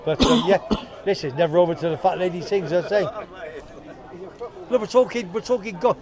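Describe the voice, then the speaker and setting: A man talking as a guest on an outdoor livestream, his voice pitched a little high. He rambles and restarts, and fillers are scattered through his sentences. Steady crowd chatter fills the busy bar behind him. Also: moderate pace. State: lingering cough. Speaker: guest on a live chat show. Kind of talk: casual banter on a livestream.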